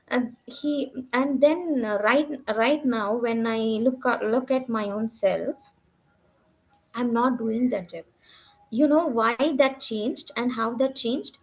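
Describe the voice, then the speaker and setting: High-voiced woman. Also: takes it slowly, poor audio. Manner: earnest, candid, self-reflective. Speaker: program participant giving a testimonial. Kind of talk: conversational testimonial.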